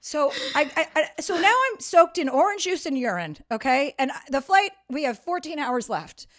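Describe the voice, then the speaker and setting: A woman's voice: high-pitched, normal speed, no echo, clean studio sound. A woman guest on a podcast, telling a long story in casual, swearing chat that keeps building into rants. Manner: profane, animated storyteller, rants with rising volume.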